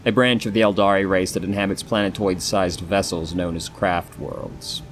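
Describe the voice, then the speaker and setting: A man reading aloud the lines of a solemn, sorrowful female elf from an ancient dying race, in a measured voice. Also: low-pitched, steady tone, faint music behind. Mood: grave. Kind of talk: reading game dialogue aloud.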